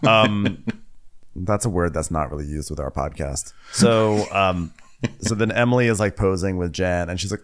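A man co-hosting a podcast, chatting casually and laughing often between quick asides. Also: deep voice. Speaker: podcast co-host. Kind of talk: casual chat recapping a reality show.

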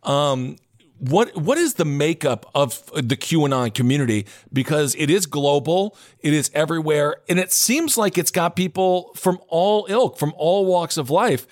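A man hosting a casual podcast, animated and playful in his banter. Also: fairly high pitch, a little slow. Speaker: podcast host.

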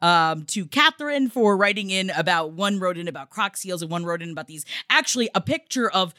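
A woman's voice: lowish voice, animated, brisk, pushed and bright, dry recording, studio quality. A woman co-hosting a podcast, chatting casually and animatedly, sometimes swearing. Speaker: podcast co-host. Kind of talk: casual chat.

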